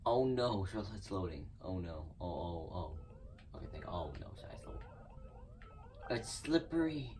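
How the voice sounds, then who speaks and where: A man giving casual commentary over his own gameplay, excitable and prone to groaning and pleading at the game. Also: low-pitched, normal speed, far from the mic, background noise. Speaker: gaming YouTuber. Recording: voice a bit off-mic over loud game music. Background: video game music.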